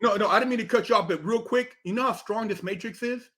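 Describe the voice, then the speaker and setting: A middle-aged man telling stories as a podcast guest, animated and emphatic, swearing a lot and acting out quotes. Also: high-pitched, fast talker. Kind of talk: casual chat, storytelling.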